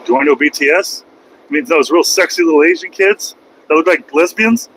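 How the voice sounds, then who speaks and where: Joking trucker man, bright voice. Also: fairly high pitch, fairly quick, slight background noise, low-quality recording. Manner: rambling, joking, self-mocking. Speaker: trucker streamer. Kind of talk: casual live-stream chat while driving. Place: truck cab on the road.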